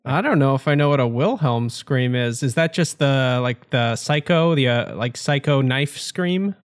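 A man's voice: mid-range voice, animated, normal speed. Wry, joking male podcast co-host. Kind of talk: casual podcast chat.

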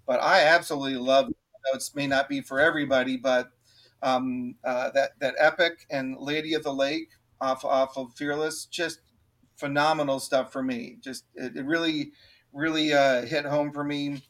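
A man co-hosting a podcast, reviewing an album with many pauses and restarts but plenty of enthusiasm. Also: mid-range voice, steady tone, a bit bright. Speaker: podcast co-host. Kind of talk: casual album review chat.

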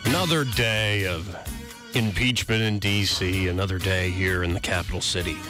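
A man's voice: sits low, normal speed, over loud music. A talk radio host, a man from Alabama, giving a sarcastic political commentary monologue and calling himself a cynic. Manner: sarcastic, self-described cynic.

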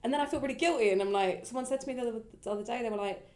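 A young woman, reflecting in casual conversation in a rambling way, jumping up high when she quotes people. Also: very fast, darkish tone. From England.

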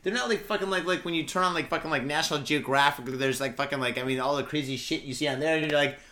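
A man's voice: on the high side, fast talker, bright, forceful tone. A man co-hosting a podcast in casual chat, rambling with constant swearing and filler words. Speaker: podcast co-host.

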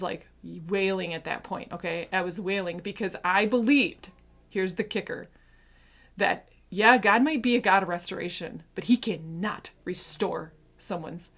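A woman's voice: mid-range voice, fairly even intonation, normal speed. Woman, 30s, heartfelt Christian testimony speaker, earnest and emotional, mid-range voice. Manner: earnest, heartfelt, shifts between hushed and intense.

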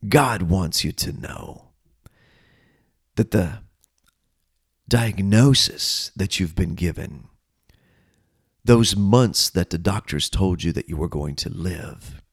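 A man imitating a guest preacher, delivering slow, hushed prophetic words. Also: low voice, lively intonation, husky, full character voice. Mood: solemn.

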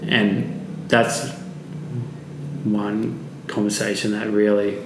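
A man's voice: on the low side, flat delivery, normal speed, background noise. A man being interviewed as a podcast guest, telling a vivid personal story and swearing freely. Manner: vivid, swearing, acts out quotes. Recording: echoey room.

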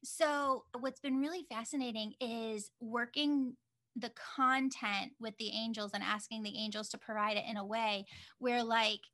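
Bright enthusiastic woman teacher. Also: on the high side, steady tone. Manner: upbeat, enthusiastic, quick affirmations. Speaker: spiritual teacher. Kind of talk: casual chat.

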